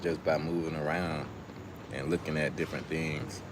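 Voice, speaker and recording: A man's voice: very deep voice, flat delivery, moderate pace, noisy background. A young man hosting a casual livestream outdoors, telling stories in loose slang and talking to his chat. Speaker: livestream host. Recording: music playing loudly behind.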